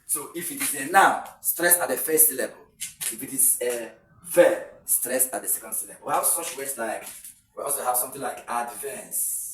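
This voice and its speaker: A man's voice: medium pitch, normal speed, recorded from a distance. Man teaching in an echoey room. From Nigeria. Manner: repeats words for emphasis, explains step by step. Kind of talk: exam tutorial lecture. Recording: echoey room, voice a little off-mic, faint noise.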